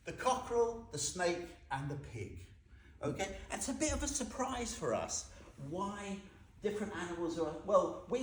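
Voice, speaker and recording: A Buddhist teacher with a high-pitched voice gives an informal dharma talk to a group in an echoey hall with faint noise. He's chatty and funny, often putting questions to the audience.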